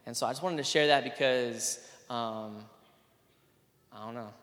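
A man's voice: mid-range voice, a little slow, a bit bright. A man, a PE teacher, giving a casual and earnest spoken testimony, full of fillers and restarts. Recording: long hall reverb.

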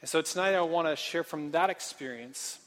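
Animated young man preaching in a reverberant hall. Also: fairly high pitch, moderate pace. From Portland, Oregon. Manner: animated, self-deprecating, casual filler-heavy. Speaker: speaker. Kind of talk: storytelling sermon.

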